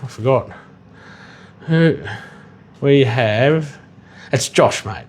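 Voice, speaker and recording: Rambling chef on a livestream. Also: male voice, medium pitch, very slow. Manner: rambling, swears casually, bursts into excited yelling. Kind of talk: casual livestream chat while cooking.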